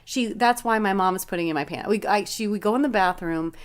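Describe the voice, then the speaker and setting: A woman's voice: medium pitch, brisk. Woman host, casual chat, rambling storyteller, laughs a lot, swears. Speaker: podcast host.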